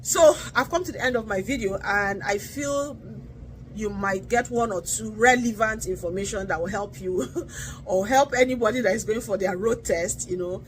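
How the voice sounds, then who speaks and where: A woman's voice: medium pitch, normal speed, poor audio. Chatty woman vlogger with faint background hiss. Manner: chatty, earnest, frequent fillers like "you know" and "like". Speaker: vlogger sharing driving test advice. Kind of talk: casual talking-to-camera vlog.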